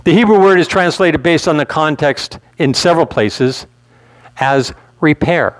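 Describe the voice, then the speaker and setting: A man's voice: a little high, measured pace, no echo. A male pastor preaching a sermon in a conversational way, asking his listeners questions.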